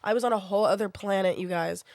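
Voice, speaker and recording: This twenty-something woman, sick with a sinus infection, tells her live chat a rambling story full of swearing, animated throughout. She speaks fast at a medium pitch with some vocal fry. The recording is dry and studio quality.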